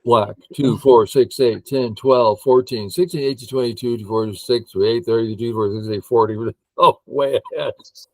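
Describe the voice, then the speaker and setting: An older man who teaches Go, playing a game and thinking aloud in an excitable way while humming and counting under his breath. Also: medium pitch, moderate pace, no room sound, rough recording.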